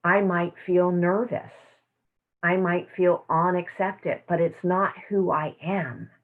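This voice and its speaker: A woman teaching a self-care class, speaking in a soft, slow, affirming way over a video call. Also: fairly low pitch, steady tone. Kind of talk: guided meditation and teaching. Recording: tinny phone-like audio.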